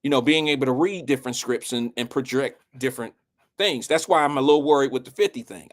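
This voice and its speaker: A man's voice: mid-range voice, fast. Blunt, preachy male live-show host. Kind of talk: casual commentary monologue.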